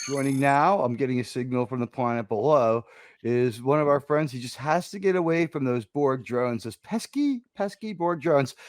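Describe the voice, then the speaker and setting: An American man hosting a casual online panel, joking around with quick asides and loud bursts. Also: a little high, dry recording. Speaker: panel host.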